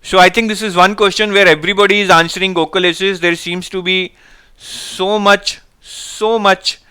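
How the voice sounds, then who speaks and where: Energetic male teacher. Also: sits high, moderate pace, smooth. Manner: energetic, coaxing viewers to answer. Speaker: online exam-prep teacher. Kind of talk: live online class, reading viewer answers.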